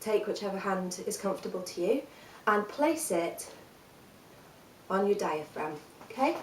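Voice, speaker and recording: A woman teaching a singing workshop, talking the listener through breathing and vocal exercises in a calm, encouraging, step-by-step way. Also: mid-range voice, unhurried, reverberant, recorded from a distance, slight background noise, rough recording.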